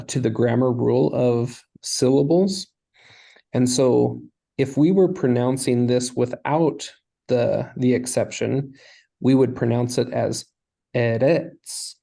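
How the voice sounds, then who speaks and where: A man's voice: medium pitch, vocal fry, warm tone, low-quality recording. A man teaching a Hebrew lesson, explaining patiently step by step. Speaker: language teacher.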